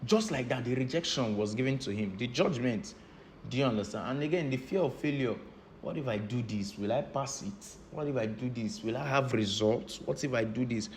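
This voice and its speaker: A man's voice: mid-range voice, moderate pace, a little hiss or hum. A man with a Nigerian English accent teaching a class as a business trainer. He keeps posing questions and then answering them himself.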